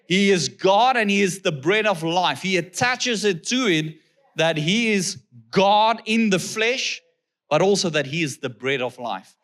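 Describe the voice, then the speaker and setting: A man with a South African accent delivering a sermon, his voice sitting a little higher than most men's. He reads scripture at a measured pace and breaks it up with questions to the congregation. He often checks in with a quick "okay?". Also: fairly bright tone. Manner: reads scripture slowly, then asks the crowd rhetorical questions. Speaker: guest pastor.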